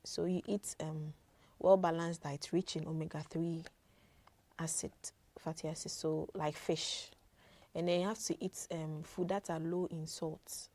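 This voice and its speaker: A woman's voice: low voice, flat delivery, measured pace, warm tone. A woman working as a midwife, earnestly explaining health advice with frequent fillers and repeated words. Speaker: midwife guest.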